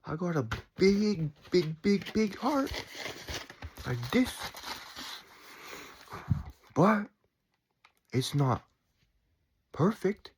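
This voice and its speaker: A man in his forties talking in a calm, reflective way about staying chill, with sighs and quiet asides. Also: high-pitched, extremely slow, pauses often, slight background noise. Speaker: spiritual vlogger. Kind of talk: casual reflective monologue.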